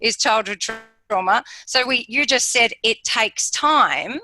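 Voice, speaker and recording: A woman's voice: on the high side, unhurried, pushed and bright, faint music behind, low-quality recording. A woman hosting an interview, affirming her guest with frequent agreement. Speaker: podcast host. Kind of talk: casual conversational interview.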